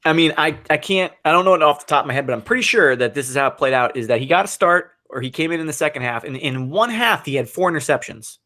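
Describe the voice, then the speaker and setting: Excitable man in casual football chat. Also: fairly high pitch, fast, few pauses. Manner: excitable, laughs often, animated. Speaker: sports podcast co-host.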